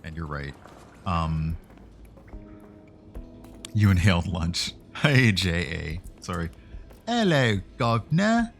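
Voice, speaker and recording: A man's voice: sits low, slow pace, creaky, pauses often, fairly bright tone, faint music behind. A man streaming a video game, chatting casually and rambling, with frequent fillers and self-corrections. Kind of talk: casual gameplay commentary.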